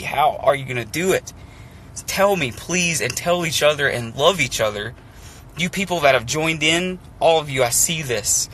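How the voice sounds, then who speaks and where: A man's voice: a little high, expressive, moderate pace, a bit bright, poor audio. A man speaking to his live viewers from a phone in an emotional, rambling monologue, earnest and repetitive, often saying "dude". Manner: rambling, earnest, repeats himself, says dude. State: emotionally overwhelmed. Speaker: streamer talking to live viewers. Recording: clear background noise, vehicle sounds.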